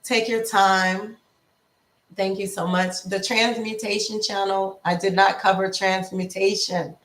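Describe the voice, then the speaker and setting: A woman life coach giving a casual motivational talk, slow and repetitive in an affirming way. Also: mid-range voice, level tone, a bit bright, roomy sound, recorded from a distance, slight background noise. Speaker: lifestyle coach.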